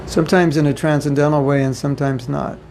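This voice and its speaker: This American man talks fast in a slightly high, level voice that is gravelly and darkish. He is leading a casual spiritual class for devotees, conversational and full of joking asides and repetition, in a home or temple room with faint ambience behind. The low-quality recording carries a little hiss or hum.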